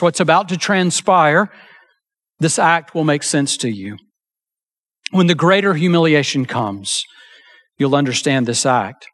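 A pastor whose voice sits slightly higher than most men's preaches a sermon. He speaks earnestly and emphatically, slowing on key phrases and giving quoted lines real feeling.

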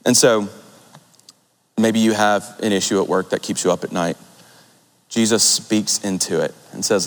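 A man's voice: on the low side, fairly even intonation, moderate pace, pauses often. A young man giving an earnest, conversational sermon and telling stories from his own life. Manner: earnest, conversational, warm storytelling. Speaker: preacher. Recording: long hall reverb.

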